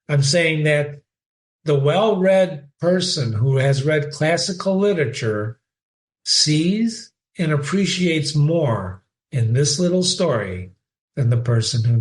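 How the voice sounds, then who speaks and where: A man giving a casual spoken analysis of a short story, teaching by asking rhetorical questions. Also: mid-range voice. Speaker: literature teacher.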